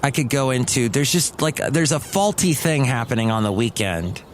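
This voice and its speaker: A man's voice: medium pitch, animated, moderate pace, a little hiss or hum. A man hosting a solo comedy podcast, talking in a rambling, chatty way that wanders off topic. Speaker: podcast host and radio worker.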